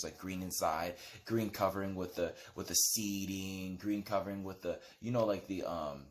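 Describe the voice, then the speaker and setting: A man casually retelling a dream in a rambling, animated way, with lots of "like" and "right?". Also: medium pitch. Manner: animated storytelling. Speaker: vlogger.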